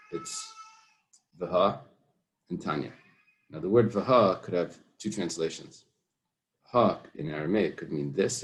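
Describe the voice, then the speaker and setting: A man teaching a Talmud lesson in a relaxed way, thinking aloud with fillers and mixing Hebrew and Aramaic terms into his English. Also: low-pitched. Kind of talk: casual Talmud study lesson.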